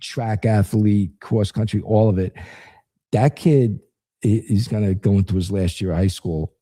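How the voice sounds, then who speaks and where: Low-voiced middle-aged man telling stories. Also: normal speed, breathy edge. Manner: lively anecdotal storyteller, frank and salty. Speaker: podcast guest, former federal agent. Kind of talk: casual storytelling interview.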